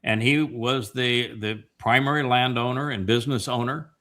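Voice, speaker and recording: A man hosting a family Bible-study talk show, retelling scripture in an impassioned way, with many pauses and fillers. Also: medium pitch, steady tone, pushed and bright. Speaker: host.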